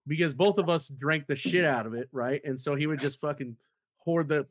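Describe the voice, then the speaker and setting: A man's voice: on the high side, moderate pace, dry recording. A man in casual podcast chat, trading rowdy, joking banter.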